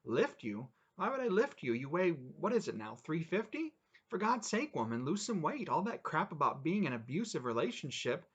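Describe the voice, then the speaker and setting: A man's voice: fairly high pitch, big pitch swings, normal speed, a bit bright, slightly rough, lo-fi sound, voice pushed up, heavily acted. A man voicing an angry husband who belittles his wife with sarcastic, berating talk.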